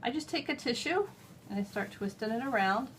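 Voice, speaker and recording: A woman's voice: on the high side, expressive, brisk, a little hiss or hum. A middle-aged woman hosting a hands-on how-to demonstration, explaining each step in a chatty, homey way as she works. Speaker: host.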